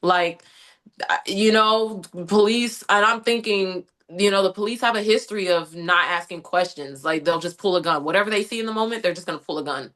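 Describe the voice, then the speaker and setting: Speaking briskly at a medium pitch, this young woman from the United States is a guest telling an interviewer about something that happened. She narrates with animation, frequently saying "like" and voicing what she was thinking.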